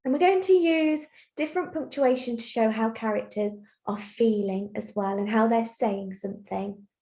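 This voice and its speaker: A woman's voice: on the high side, darkish tone. Patient woman teacher, echoey room. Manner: clear, patient, encouraging explanation. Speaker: primary school teacher. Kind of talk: recorded online lesson for young children. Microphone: computer mic while screen sharing.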